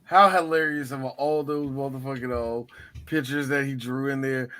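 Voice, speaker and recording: A man co-hosting a podcast in casual chat, loud, laughing and crude in his banter. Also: medium pitch, steady tone, moderate pace. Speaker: podcast co-host.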